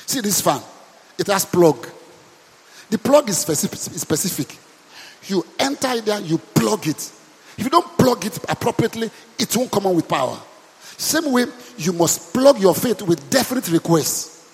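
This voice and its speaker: A Nigerian-accented man preaching as a pastor, calling out to his congregation and pressing them to answer back. His voice sits high and carries a husky edge. The sound rings with the long reverb of a church hall. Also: lively intonation, normal speed. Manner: emphatic call-and-response preaching. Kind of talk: preaching a sermon.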